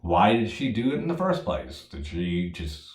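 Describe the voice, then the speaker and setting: A man giving a casual solo movie review, profane and animated, laughing at his own jokes. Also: deep voice, moderate pace, echoey room.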